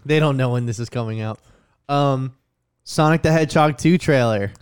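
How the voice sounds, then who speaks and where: A man's voice: medium pitch, normal speed, smooth. A man hosting a casual podcast chat, blunt and profane as he runs through the topics. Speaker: podcast host.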